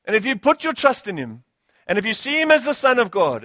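South African male preacher, high voice, dry close sound, punchy repeated phrases. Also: huge pitch swings, quick pace, pushed and bright, no room sound. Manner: rhetorical, repeating phrases and asking "Hello?". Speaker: pastor. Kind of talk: sermon.

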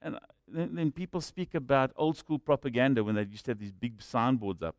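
A pastor preaching a sermon in an animated, rhetorical way, with humorous asides. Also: male voice, mid-range voice, fairly quick, no echo.

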